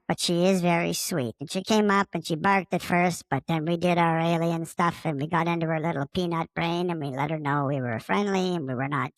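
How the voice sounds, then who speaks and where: A man's voice: a little high, creaky, a bit bright, no echo. A man playing a friendly, immature male space alien who has taken over a podcaster's body, talking in a rambling, casual way and fond of swearing. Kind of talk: casual improvised monologue.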